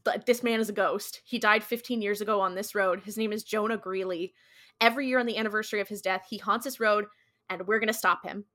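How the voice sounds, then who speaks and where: A woman's voice: mid-range voice, steady tone, quick pace, sharp tone. A woman co-hosting a podcast, retelling a TV episode in a chatty, slangy way full of "like". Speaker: podcast co-host. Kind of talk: casual episode recap.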